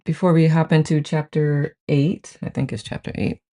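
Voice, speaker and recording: Someone hosting a live book-study group is casually chatting on a live stream. They greet every viewer by name and read the chat out with gushing enthusiasm, frequently saying "I love it," in a dark, medium-pitched voice with fairly even intonation at normal speed.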